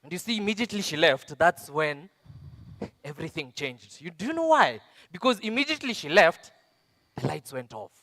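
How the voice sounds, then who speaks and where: An actor playing an abusive, self-pitying drunk husband, on stage, blustering and defensive, with constant "eh?" interjections. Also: male voice, fairly high pitch, very animated, normal speed, pushed and bright, no echo, clean studio sound, in a large hall, full character voice. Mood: indignant. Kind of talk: stage play monologue. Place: festival stage.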